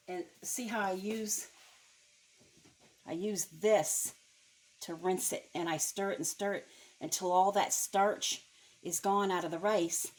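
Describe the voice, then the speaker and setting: Slow-talking folksy woman cooking at home. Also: on the low side, husky, low-quality recording. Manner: chatty, folksy, self-deprecating. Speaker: cooking channel host. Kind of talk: home cooking demonstration with jokes. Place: home kitchen. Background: faint frying sizzle.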